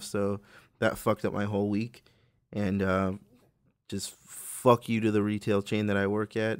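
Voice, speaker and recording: A man co-hosting a casual podcast, telling a profane, animated story about a rude customer at his retail job, with many fillers. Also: lowish voice, dry recording, studio quality. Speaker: podcast co-host; retail store worker. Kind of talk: casual rant about work.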